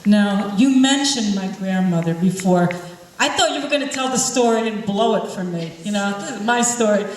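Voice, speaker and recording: A woman telling a lively stage anecdote, laughing and acting out the voices of others. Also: mid-range voice, normal speed. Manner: animated, laughing, acts out other people's voices. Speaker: panel storyteller. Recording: echoey hall, distant mic, faint noise.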